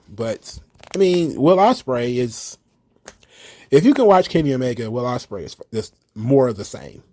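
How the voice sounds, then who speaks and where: A man talks through wrestling news in a loose, opinionated monologue, cursing freely and hedging with ums and you-knows. His voice sits at an ordinary middle pitch. The sound is dry and close, with no room echo. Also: very animated, moderate pace, mellow. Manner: blunt, profane, rambling with fillers. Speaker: wrestling commentary host. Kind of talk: casual opinionated commentary.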